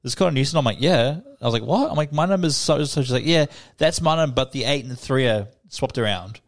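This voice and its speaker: Brief: young Australian man, podcast co-host, quick talker, casual and profane storyteller. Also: mid-range voice. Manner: swearing, storytelling, animated retelling. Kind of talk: casual chat.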